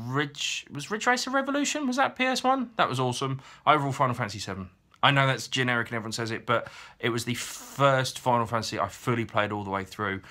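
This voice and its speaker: A man talks through viewer questions in a relaxed, honest way. His voice has a bright, forward edge, and he pauses often with ums as he gathers his thoughts. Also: medium pitch. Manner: chatty, frank, hesitant with frequent ums. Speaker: YouTuber answering viewer questions. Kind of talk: casual Q&A chat.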